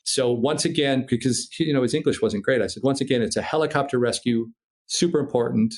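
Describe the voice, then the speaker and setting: Animated, swearing storyteller man. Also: medium pitch, fairly quick. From Minnesota, USA. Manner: animated, swears freely, imitates sounds. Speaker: podcast guest, paraglider pilot. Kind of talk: casual storytelling.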